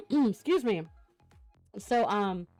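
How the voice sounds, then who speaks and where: Faint music sits under this woman's mid-range voice, which is expressive, a little mellow, and very slow. Hosting a guest on her variety stream, she speaks into a desk mic, congested from a cough, and effusively thanks viewers with lots of fillers.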